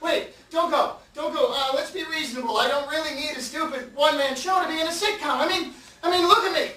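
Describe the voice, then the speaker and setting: A man doing a one-man comedy show, laughing and stammering as he pitches ideas in a manic rush. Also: fast, pushed and bright, roomy sound, far from the mic.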